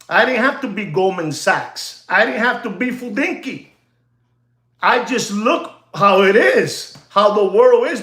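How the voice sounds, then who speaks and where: A man with a high-pitched voice rants in an echoey room. He hosts a watch dealer's livestream, hammering every point with repetition and slipping Spanish phrases in. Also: bright, forceful tone. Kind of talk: ranting livestream monologue.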